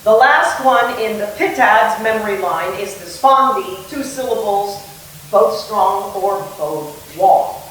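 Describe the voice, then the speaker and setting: A woman's voice: mid-range voice, expressive, takes it slowly, a bit bright, slight background noise. Playful woman lecturing in an echoey room. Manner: playful, sings and acts out rhythms. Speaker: theatre director. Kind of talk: lecture on verse meter. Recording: echoey room, mic at a distance.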